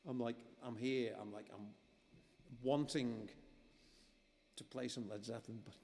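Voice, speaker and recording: A man's voice: mid-range voice, steady tone, a little slow, a little mellow, big-room sound, a little hiss or hum. A man performing a live music stream, chatting casually between songs in a rambling, self-mocking way with many restarts. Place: music club venue. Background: guitar playing.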